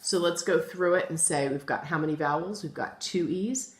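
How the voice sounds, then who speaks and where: Speaking at normal speed in a lowish voice, a middle-aged woman leads a phonics lesson for young kids. She calls them "guys," talks to them directly, and spells each word out patiently, one letter at a time.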